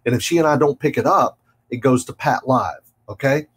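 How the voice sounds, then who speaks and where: Man, husky voice, relaxed host, casual chat, easy laughs. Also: medium pitch, a little fast. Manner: relaxed, laughs easily, acts out phone calls. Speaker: podcast host.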